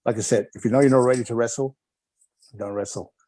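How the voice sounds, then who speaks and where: A man's voice: mid-range voice, steady tone, fast, dark tone. A middle-aged man from Wales, a retired wrestler, reminiscing in a rambling, chuckling way with lots of filler phrases.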